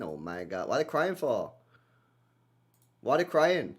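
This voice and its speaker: Animated young man. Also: mid-range voice, slow, long pauses, breathy edge. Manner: animated, slangy, repeats himself with many tag questions. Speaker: streamer hosting a football watchalong. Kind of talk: casual livestream chat, reading and answering viewer comments.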